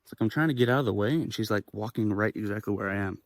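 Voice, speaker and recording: Young man telling an animated storytime, dry sound. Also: lowish voice, very fast, no echo. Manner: animated, acts out quoted voices, swears freely. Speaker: vlogger. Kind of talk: casual storytime vlog. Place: living in Japan.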